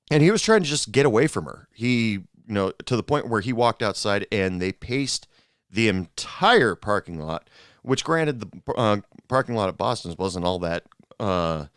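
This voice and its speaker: A man's voice: fairly low pitch, big pitch swings, a little slow, a bit bright, no room sound, studio quality. A man hosting a show and telling bar stories in a rambling, casual monologue full of fillers and restarts. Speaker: podcast host, former bartender.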